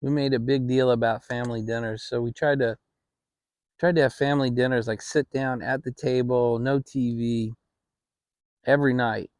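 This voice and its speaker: A middle-aged man hosting his own channel, telling a family story in a relaxed, rambling way with frequent restarts. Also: medium pitch, moderate pace, no room sound. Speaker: channel host. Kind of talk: casual storytelling. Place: home, relaxed fireside setting.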